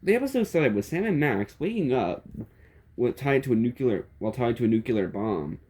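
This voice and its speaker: A man's voice: mid-range voice, big pitch swings, normal speed, mellow. A man narrating a silly comedic story in a playful, chuckling way.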